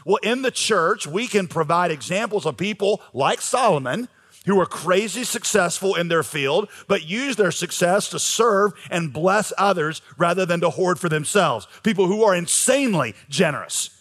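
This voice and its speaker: A man's voice: high voice, expressive, normal speed, a bit bright. A man preaching a sermon as pastor, talking conversationally with frequent fillers. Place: church sanctuary. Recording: long reverb of a large hall.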